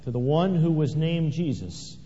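A man's voice: on the high side, sing-song, measured pace, dark tone. A man preaching a sermon, swelling dramatically when he reads scripture aloud. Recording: echoey hall, dull lo-fi sound.

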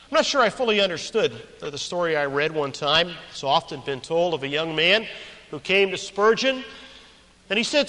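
A man's voice: a little high, expressive, moderate pace, a bit bright. A man preaching a sermon, emphatic and repeating key phrases, telling stories with quoted characters. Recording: long hall reverb.

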